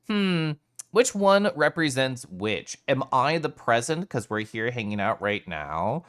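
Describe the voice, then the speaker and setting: Lively, chatty male streamer. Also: medium pitch, a little slow. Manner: animated, chatty, swears casually. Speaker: live streamer. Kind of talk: casual chat with live viewers.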